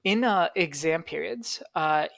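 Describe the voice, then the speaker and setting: A man's voice: a little high, measured pace, vocal fry, a bit bright, no echo. A young man co-hosting a podcast online, telling a long story in casual chat with many fillers and restarts. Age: young adult. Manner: rambling, lots of fillers and restarts. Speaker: podcast co-host. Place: home, recorded online. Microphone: online call.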